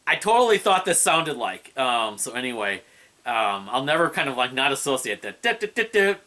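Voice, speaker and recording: Bright-voiced man rambling through an album review. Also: mid-range voice, animated, moderate pace. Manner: rambling, hesitant, many fillers and restarts; hums and scats melodies.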